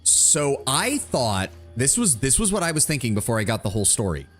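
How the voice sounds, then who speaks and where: A man streaming a game, chatting casually with viewers, excitable and profane. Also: mid-range voice, brisk, faint music behind. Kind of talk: casual gameplay commentary.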